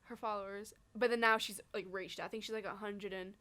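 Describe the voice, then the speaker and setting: A woman's voice: medium pitch, steady tone, fast talker, a bit bright. A young woman from England co-hosting a casual student podcast, chatting and laughing as she reads from notes. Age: young adult. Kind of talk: casual chat.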